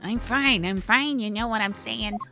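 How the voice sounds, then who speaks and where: A woman voicing a cocky young male gangster wannabe with loud, slangy tough-guy swagger. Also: a little high, moderate pace, pitched above the performer's own voice, lightly acted. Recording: game music behind voice.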